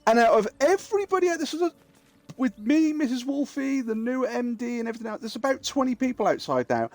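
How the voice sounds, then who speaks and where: A middle-aged man streaming a game, casually telling an animated story and acting out the people in it. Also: very high voice, brisk, no echo. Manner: animated, acts out quoted people, swears freely. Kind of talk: casual storytelling while gaming.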